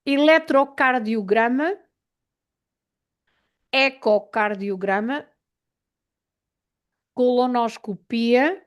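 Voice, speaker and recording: A woman's voice: a little high, takes it slowly, pauses often. A woman teaching a language online, patiently repeating and spelling out words, with frequent hesitant fillers.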